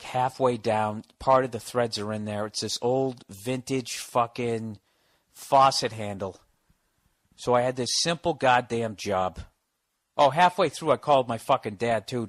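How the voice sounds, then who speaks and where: A man's voice: mid-range voice, a bit bright. A man hosting a podcast, telling a comic story in a profane, exasperated rant. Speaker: podcast host. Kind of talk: comedic storytelling monologue.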